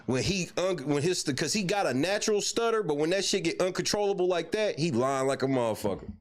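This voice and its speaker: A man with a high voice that swings widely in pitch, hosting a casual reaction show. He curses freely and keeps breaking into laughter as he talks. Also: animated, a little fast. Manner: loud laughing, profane, swaying between high and low pitch. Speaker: show host.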